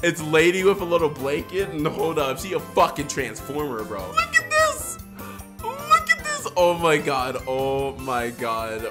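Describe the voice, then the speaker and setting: A man hosting a casual movie review, excitable and profane, jumping between loud outbursts and low mutters. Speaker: movie reviewer, channel host.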